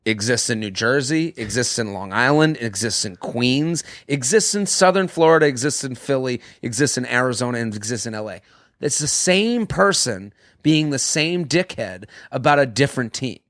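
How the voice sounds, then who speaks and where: A man's voice: medium pitch, animated, moderate pace, fairly bright tone, no room sound, clean studio sound. Rambling, swearing man. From Boston. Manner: rambling, swearing, laughs at himself. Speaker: comedian guest. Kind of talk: casual podcast chat.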